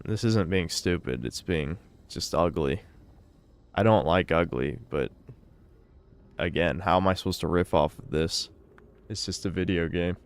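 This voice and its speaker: Male streamer, low smooth voice, sardonic and foul-mouthed, live donation reading. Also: measured pace, long pauses. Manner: sardonic and profane.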